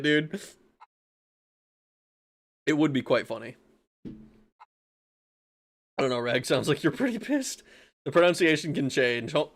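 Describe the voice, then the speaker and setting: A man's voice: mid-range voice, lively intonation, normal speed. A man streaming a game, chatting casually with his viewers, reading out chat, laughing and swearing, with frequent restarts.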